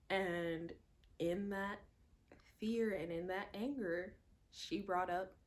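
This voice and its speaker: A woman vlogger giving a casual, emphatic movie reaction, repeating lines for effect and dropping to hushed asides. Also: on the low side, steady tone, slow.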